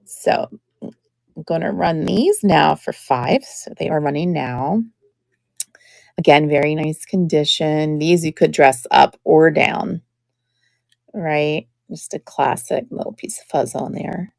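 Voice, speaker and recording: A middle-aged woman hosts a live-stream jewelry sale, chatting and admiring each piece as she shows it. Her low, darkish voice moves slowly, with gravelly fry at phrase ends. The recording is close and dry, without echo.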